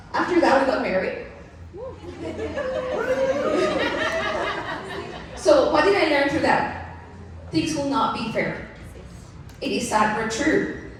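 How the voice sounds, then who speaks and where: A woman in her thirties tells her life story from a stage, candid and quick to laugh at herself. Her fairly high voice carries through a large, reverberant hall, picked up from a distance. A faint hum of the room sits under her. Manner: candid, laughing often, animated asides to the audience. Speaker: keynote speaker. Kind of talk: personal storytelling speech. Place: large event venue. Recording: echoey hall mic from far off.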